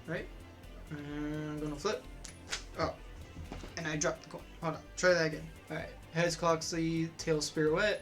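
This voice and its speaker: A game streamer giving casual let's-play commentary, chatty and excitable, thinking aloud while playing. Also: mid-range voice, measured pace, pauses often. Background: faint game music.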